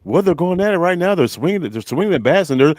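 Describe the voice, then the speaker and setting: A flustered old baseball manager who trails off mid-thought and repeats the same few words over and over, as a man puts him on. The voice swings widely up and down in pitch, and it sounds close and dry. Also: animated, darkish tone, no echo. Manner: halting, trails off, repeats himself. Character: rambling flustered older male baseball manager.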